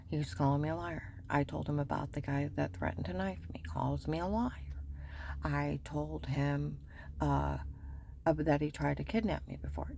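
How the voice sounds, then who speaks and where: A woman's voice: deep voice, vocal fry, warm tone, a little hiss or hum. A woman giving a rambling, urgent personal account, often dropping into a whisper.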